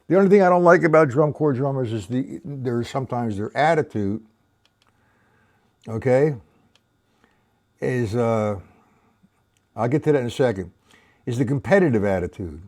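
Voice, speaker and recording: A man's voice: medium pitch, lively intonation, moderate pace, long pauses, darkish tone. An older man teaching drums on a live stream, opinionated and rambling, counting beats aloud as he explains. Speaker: drum teacher. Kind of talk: live-streamed drum lesson.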